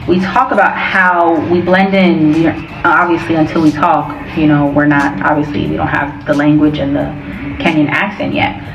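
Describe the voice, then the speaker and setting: An American woman vlogger chatting casually and playfully, and she talks fast. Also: low voice, little pitch movement, creaky, roomy sound, recorded from a distance, lo-fi sound, faint music behind. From United States. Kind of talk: casual vlog chat.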